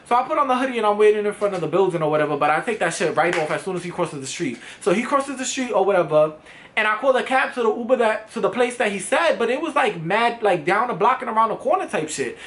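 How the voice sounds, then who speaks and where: A young man telling a story on his vlog, animated and profane, with sudden jumps in pitch. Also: quick pace, a little hiss or hum. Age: young adult. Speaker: vlogger.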